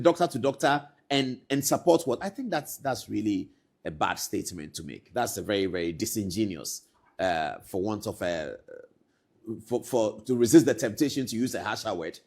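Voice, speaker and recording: A man hosting a political talk show, speaking indignantly, his voice climbing to loud emphatic peaks and then dropping low. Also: husky. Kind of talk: commentary to camera.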